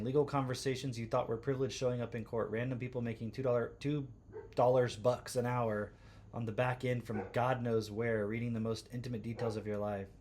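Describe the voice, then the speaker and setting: A man with a medium-pitched voice hosts a livestream from home, reading posts aloud and interrupting with sarcastic, incredulous asides. There's a little hiss or hum on the audio.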